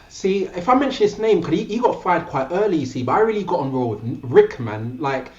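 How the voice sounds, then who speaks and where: A man's voice: on the high side, expressive, fairly quick, darkish tone. A young man, a professional speaker, talking casually as a podcast guest. He stumbles over his words and laughs often. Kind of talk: casual interview chat. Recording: roomy, dull lo-fi sound.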